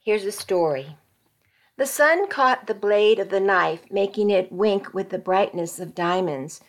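A woman volunteer reader narrating a dramatic magazine story aloud in a measured storytelling voice. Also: medium pitch, lively intonation. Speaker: volunteer reader for a reading service.

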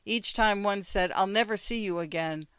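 A woman reading the part of a rueful, teasing former lover in a story, with a smooth, dry voice. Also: medium pitch, normal speed, a bit bright, no echo, natural voice. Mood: wistful.

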